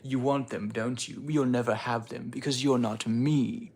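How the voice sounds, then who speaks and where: A man voicing a vain, boastful long-haired male influencer who drags out his words in a slow, pompous way. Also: mid-range voice, fairly even intonation, gravelly, a little mellow. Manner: slow, pompous, drawn-out delivery.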